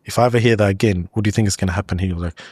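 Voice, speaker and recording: A man with a fairly low voice tells a personal story in a relaxed interview chat. He talks loosely, leaning on "like" and "you know" as he goes. The sound is close and dry, with no room echo. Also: rapid-fire, breathy edge. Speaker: guest. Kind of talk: casual storytelling in a podcast interview.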